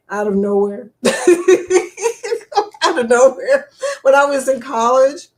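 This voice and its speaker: Woman, live-stream host, casual chat, fairly high voice, laughs a lot, reads out comments. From England. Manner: chatty, laughs often, talks warmly to chatters.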